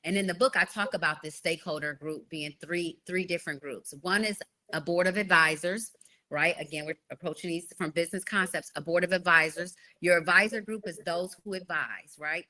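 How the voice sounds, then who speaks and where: Bright-voiced woman, lower pitch. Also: fairly quick. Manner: animated, explains with repeated "right?". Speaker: guest author. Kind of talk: podcast interview.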